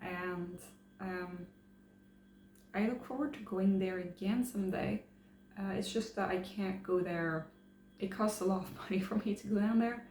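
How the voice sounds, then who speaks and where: A woman's voice: mid-range voice, a little slow, a little mellow. A woman chatting casually to camera, hesitant, with many fillers and restarts. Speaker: travel vlogger. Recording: roomy echo, faint hum.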